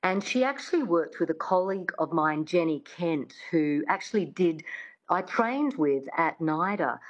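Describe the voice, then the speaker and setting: A woman's voice: fairly low pitch, expressive, moderate pace, dull audio. A woman with an Australian accent, an accent coach chatting as an interview guest with many restarts.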